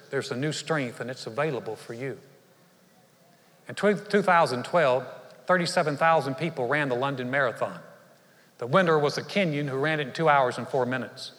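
A man's voice: mid-range voice, a bit bright, in a large hall. A man preaching a sermon as a pastor, telling a story earnestly in a church.

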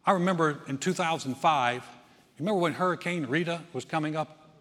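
A man preaching a sermon, telling a story with acted-out voices and swinging from loud to hushed. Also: a little high, brisk. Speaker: pastor. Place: large church sanctuary. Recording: long hall reverb.

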